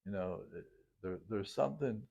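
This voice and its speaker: Man with a low, gravelly voice recalling a personal story, halting and unscripted, on a dull lo-fi recording. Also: warm tone. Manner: halting, with many restarts and fillers. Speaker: storyteller recounting his life. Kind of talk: casual spoken reminiscence.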